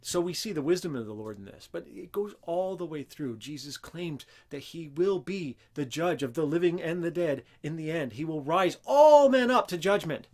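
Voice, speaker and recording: A man hosts an unscripted Christian teaching show, speaking earnestly and with emphasis and growing louder when citing scripture. His voice is a little high and darkish, with lively intonation, a moderate pace, and hardly any pauses.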